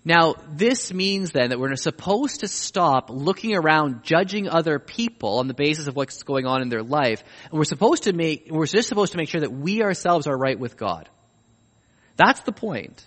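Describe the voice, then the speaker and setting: A man preaching a sermon, swinging between hushed, reflective passages and emphatic, rising appeals. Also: high voice, long reverb tail. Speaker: pastor.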